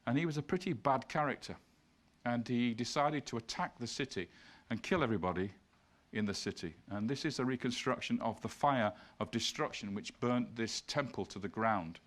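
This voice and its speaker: A man's voice: mid-range voice, moderate pace. A man giving an illustrated lecture, explaining slides point by point and reading passages aloud. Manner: reads scripture passages aloud.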